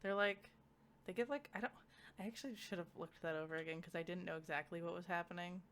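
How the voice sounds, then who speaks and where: A woman's voice: fairly low pitch, fast, slight background noise. A woman co-hosting a casual book club chat, talking loosely and laughing often.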